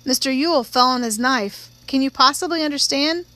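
A woman voicing a grave, principled father who speaks quietly and grimly. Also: high-pitched, moderate pace. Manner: quiet and grim, then sharp.

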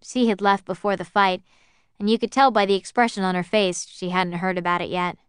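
Smooth-voiced woman narrating a story. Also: medium pitch, level tone, brisk, dry recording, clean studio sound. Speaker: audiobook narrator. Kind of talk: scripted first-person narration.

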